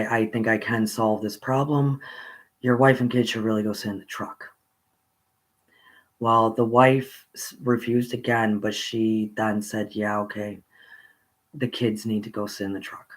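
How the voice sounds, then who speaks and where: A man casually telling a personal childhood story, rambling with pauses and restarts. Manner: rambling, with pauses and restarts, rising pitch when excited.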